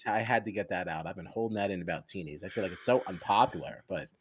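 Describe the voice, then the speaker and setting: A man's voice: low voice, quick pace, slight background noise. A man on a casual podcast, blunt and opinionated as he rants about players. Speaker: podcast co-host, former contestant. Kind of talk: casual chat.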